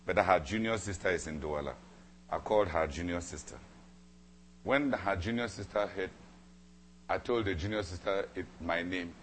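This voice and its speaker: Lowish-voiced guy preaching, repeats himself for emphasis, slight hum in the background. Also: normal speed, pauses often. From Cameroon. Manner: dramatic, repeats phrases for emphasis. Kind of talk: sermon with personal story.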